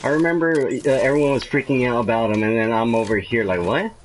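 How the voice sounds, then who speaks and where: A young man chatting with a friend, relaxed and asking questions. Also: mid-range voice, quick pace, rough recording. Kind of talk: casual chat.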